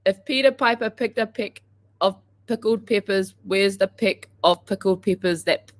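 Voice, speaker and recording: A woman co-hosting a casual morning livestream, playful and laughing easily as she stumbles through tongue twisters. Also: medium pitch. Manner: giggly, playful, reads tongue twisters slowly. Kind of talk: casual chat.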